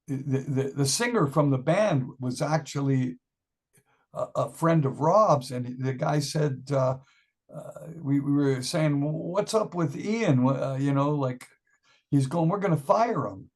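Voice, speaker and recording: An older man tells a long story in an interview, talking in a rambling way with many restarts. He laughs often and acts out what others said. His voice sits a bit high for a man. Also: slow pace. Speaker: musician guest.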